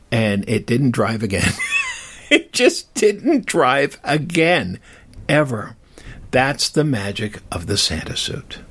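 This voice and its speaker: Older man, husky voice, lively pitch, unhurried rambling storytelling host. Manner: rambling, self-deprecating, chatty. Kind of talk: casual storytelling.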